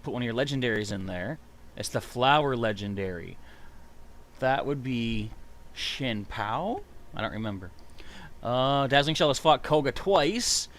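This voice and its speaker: A man giving live gameplay commentary, excitable and chatty, reading out viewer comments. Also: medium pitch. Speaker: streamer playing a video game.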